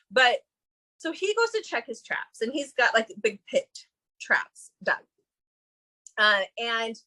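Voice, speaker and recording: A woman's voice: a little high, bright, forceful tone, rough recording. A woman co-hosting a book review chat, talking in a chatty, gushing way with many restarts. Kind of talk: casual chat about books.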